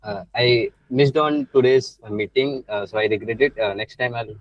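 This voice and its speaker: A man's voice: medium pitch, normal speed, no room sound, muffled recording. A man on a video call, new to the community, speaking hesitantly with many fillers and calling the host sir. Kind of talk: casual online meeting.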